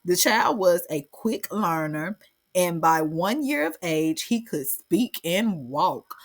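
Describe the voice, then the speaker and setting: A woman's voice: on the low side, slow. A woman reading a legend aloud and breaking off into slangy, joking commentary. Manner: slangy, animated asides, keeps saying baby. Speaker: channel host.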